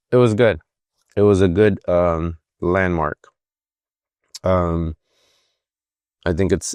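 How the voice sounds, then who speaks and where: Recorded dry in a clean studio, this deep-voiced podcast host is a man in his fifties. His talk is casual, reflective and emotional, wandering along with frequent fillers and false starts.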